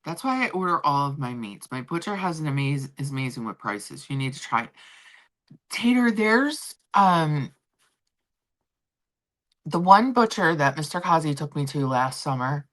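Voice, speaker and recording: A woman's voice: deep voice, big pitch swings, normal speed, a bit bright. A woman livestream host, telling a story in a chatty, casual way and swearing now and then. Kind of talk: casual chat with viewers.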